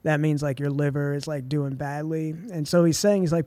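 A young man in his twenties, a film writer and director, telling a personal story in a relaxed, chatty way on a podcast. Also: on the high side, a little fast, few pauses, no echo. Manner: relaxed and chatty, full of "like" and "dude". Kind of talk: casual storytelling in a podcast interview.

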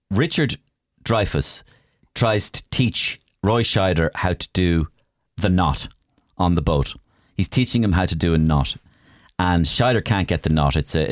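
A man chatting as a guest, an animated storyteller who acts out scenes with sound effects. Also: low voice, no room sound, studio quality. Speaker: guest, comedian and impressionist. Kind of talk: casual chat.

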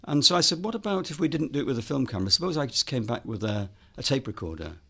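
A man's voice: medium pitch, very animated, fast, creaky, a bit bright, breathy edge. A man, a filmmaker and author, telling a story in an interview, with lots of ums and quoted dialogue.

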